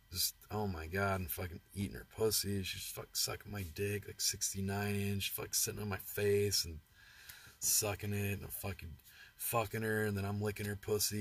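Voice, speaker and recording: Brief: low, husky American male vlogger, crude rambling livestream chatter. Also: fairly bright tone. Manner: rambling, crude, laughs at his own stories. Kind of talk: casual livestream storytelling.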